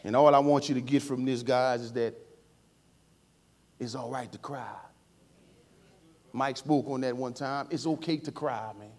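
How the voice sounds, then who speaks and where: A man preaching a sermon in a church service. He talks informally and emotionally, swinging from quiet and tender to loud calls to the congregation, with playful asides. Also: medium pitch, steady tone, measured pace, pauses often.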